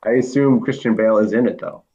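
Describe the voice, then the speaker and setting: A man in casual podcast chat, easygoing and quick to laugh. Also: lowish voice, dark tone, highs cut off.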